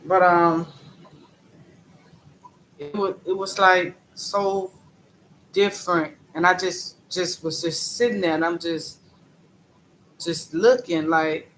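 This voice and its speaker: A man chatting on a live stream, telling a story haltingly, repeating phrases and greeting viewers by name. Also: high voice, fairly bright tone, slight background noise, poor audio. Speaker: livestreamer. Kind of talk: casual live-stream talk.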